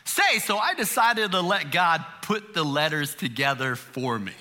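A man's voice: on the high side, sing-song, a little slow, pushed and bright, faint music behind, heavily acted. A little girl at bedtime, as a preacher quotes her. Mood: innocent.

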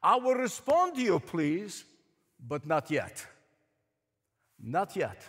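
A man preaching, speaking as God to a prophet in firm, measured pronouncements. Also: sits high, huge pitch swings, fairly bright tone, breathy edge, exaggerated voice. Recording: echoey hall with long reverb.

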